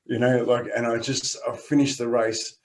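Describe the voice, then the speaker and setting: An Australian man coaching on a podcast, calm and encouraging, who tells stories with lots of laughter. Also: medium pitch, moderate pace. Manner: lively storyteller, laughs often. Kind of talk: casual podcast chat.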